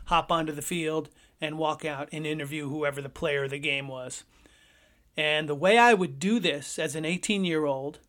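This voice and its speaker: A man hosting a podcast, telling a personal story in a lively, conversational way. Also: on the high side. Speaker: podcast host.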